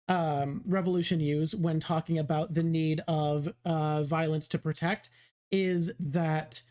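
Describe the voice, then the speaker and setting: Earnest woman, lowish voice. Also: mellow. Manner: earnest, talks things through. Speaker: co-host. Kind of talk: casual chat.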